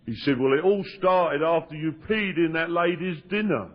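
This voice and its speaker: A man's voice: fairly high pitch, normal speed, slight background noise. A man telling his recovery story at a meeting, acting out the quoted dialogue in raised voices. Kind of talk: personal recovery story told to an audience. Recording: dull lo-fi 1992 tape of a live talk.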